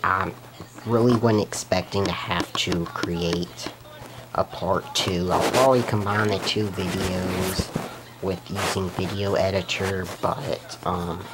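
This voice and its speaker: A man's voice: low voice, steady tone, slow, very noisy. A man on his own video channel, recapping cartoon episodes in a rambling, unscripted way, restarting sentences and giggling. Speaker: YouTube episode reviewer.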